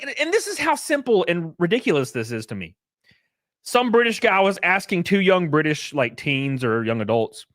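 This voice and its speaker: Animated, profane man streaming. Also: high voice, no room sound, clean studio sound. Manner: animated, rambling, profane, jokey. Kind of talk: casual livestream chat.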